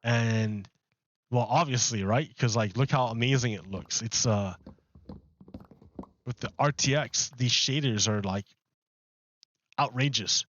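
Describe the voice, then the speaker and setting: A man's voice: mid-range voice, a little slow, long pauses, fairly bright tone, lo-fi sound, slight background noise. A man chatting casually on a gaming livestream, rambling with lots of fillers and restarts into a close microphone. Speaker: streamer. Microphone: close desk microphone.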